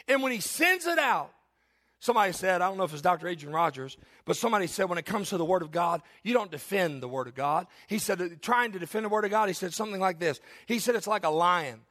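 A man's voice: sits high, quick pace, hardly any pauses, fairly bright tone. A middle-aged male pastor preaching a sermon with emphatic repetition and joking asides.

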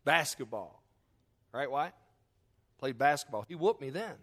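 A man preaching a sermon and telling a family story in a folksy way, moving between loud emphasis and quiet, hushed lines. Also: medium pitch, animated, measured pace. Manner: acts out quotes in his story. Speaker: pastor.

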